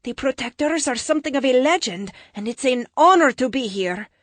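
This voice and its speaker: A woman's voice: sits high, lively intonation, brisk, a bit bright, dry recording, clean studio sound, voice pushed up. A woman voicing a kind, humble policewoman who speaks politely and formally.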